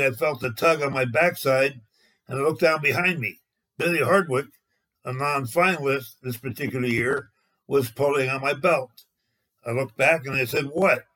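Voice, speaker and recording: A man, a former lane man, narrating a personal anecdote in a steady retelling. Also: mid-range voice, poor audio. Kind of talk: storytelling narration.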